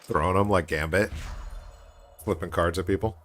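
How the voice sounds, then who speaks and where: A man's voice: sits low, moderate pace. A man streaming a game, chatting casually in a rambling way with joking asides. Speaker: gaming streamer. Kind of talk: casual chat while gaming.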